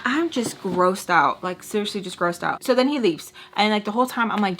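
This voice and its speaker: A woman's voice: medium pitch, lively intonation, brisk, a bit bright, slight background noise. A woman in her twenties telling a personal story to viewers in a chatty, casual way, full of fillers and direct asides. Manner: chatty, many fillers like "like", addresses viewers as "you guys". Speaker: storytime vlogger.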